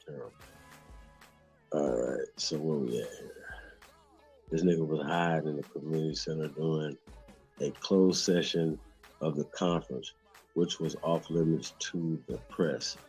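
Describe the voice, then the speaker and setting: A man's voice: rumbling low, measured pace, pauses often, a little mellow, breathy edge, soft background music. A man hosting a live stream, reading a text aloud and often breaking into mocking laughter and swearing.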